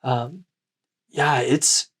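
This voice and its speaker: A man's voice: mid-range voice, steady tone, extremely slow, a bit bright, slightly rough. A man in casual podcast conversation with a mid-range voice. He agrees along often and then reflects at length on what he has watched. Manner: frequent backchannel agreement, reflective. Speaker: podcast co-host. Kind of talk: casual chat.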